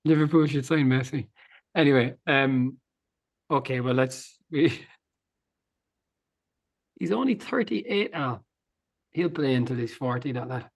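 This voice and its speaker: A man's voice: medium pitch, slow, pauses often. A man co-hosting a casual podcast, dryly summing up a book and often laughing. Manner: laid-back, dry, giggly summarising. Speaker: podcast co-host. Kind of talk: casual comic book-review chat.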